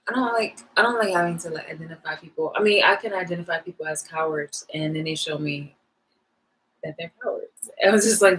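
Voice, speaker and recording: A young woman vlogging, telling a rambling story in a casual, animated rant full of fillers. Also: lowish voice, brisk, a little hiss or hum, low-quality recording.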